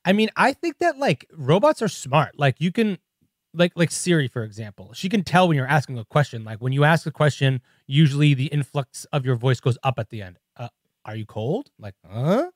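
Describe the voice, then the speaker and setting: A man's voice: on the high side, lively intonation, brisk, dry recording, clean studio sound. A man co-hosting a podcast in casual chat, rambling in a laid-back way and saying "like" often. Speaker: podcast co-host. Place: podcast studio.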